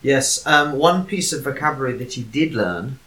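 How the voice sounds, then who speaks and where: A man's voice: mid-range voice, lively intonation, moderate pace, a bit bright. A man hosting a casual talk show, chatty and steering the discussion. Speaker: podcast host. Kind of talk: casual chat.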